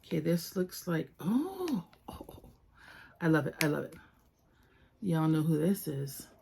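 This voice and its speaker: A woman chatting casually while unboxing toys, soft-spoken and gushing, often dropping to a whisper. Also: deep voice, sing-song, measured pace, creaky, noisy background. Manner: gushing over each toy. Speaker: toy collector vlogger.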